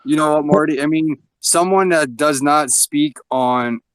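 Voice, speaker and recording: A man's voice: a little high, a little slow. A plain-spoken man giving his opinion in a casual group voice chat.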